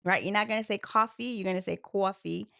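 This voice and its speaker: Woman, from New York, co-host, casual chat, gravelly, laughs easily. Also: mid-range voice, steady tone, rapid-fire, fairly bright tone. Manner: chatty, laughing often.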